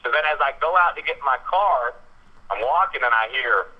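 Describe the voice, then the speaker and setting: A man's voice: a little high, brisk. Southern radio guy telling a long story, keeps repeating himself, dull lo-fi sound. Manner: animated, repeats words, acts out quotes in raised voice. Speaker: radio show host. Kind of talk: casual talk radio storytelling.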